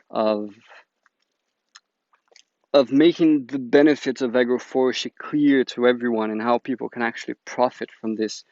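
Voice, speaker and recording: Male host, chatty and keen, gravelly voice, muffled lo-fi sound. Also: mid-range voice, dry recording. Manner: upbeat, chatty, enthusiastic. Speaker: agroforestry teacher, channel host. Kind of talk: casual announcement to viewers. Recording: dull lo-fi dry recording.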